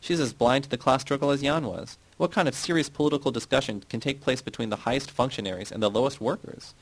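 A man's voice: medium pitch, fast, gravelly, no room sound, voice pushed up, rough recording. A man reading the part of a dogmatic male party loyalist who lectures and dismisses others. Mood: lecturing.

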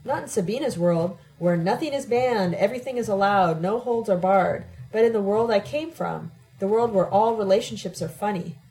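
A woman reading a first-person story aloud as an audiobook narrator, with an expressive, dramatic delivery. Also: medium pitch, normal speed, hardly any pauses, rough recording.

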